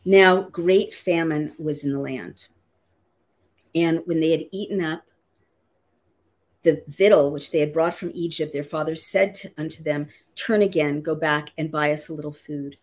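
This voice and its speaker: Low husky woman reading scripture. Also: darkish tone. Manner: reads archaic verses, then restates them in everyday words. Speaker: Bible teacher. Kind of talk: reading scripture aloud with plain-language glosses.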